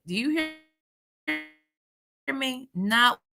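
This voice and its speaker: Sassy woman livestreamer with a sharp, bright voice. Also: takes it slowly, long pauses. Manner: chatty and sassy, talks straight to viewers; lively with loud jumps in pitch. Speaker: YouTube commentary host. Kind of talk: casual livestream commentary, reading the chat.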